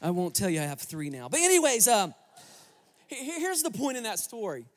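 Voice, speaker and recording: A male pastor preaching a sermon, telling a story as a lively storyteller with joking asides to the congregation. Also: high-pitched, fairly quick. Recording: long reverb of a large hall.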